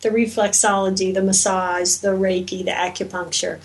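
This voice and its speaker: A woman's voice: medium pitch, little pitch movement, moderate pace, poor audio. A woman hosting an interview, asking short questions and affirming often. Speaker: host.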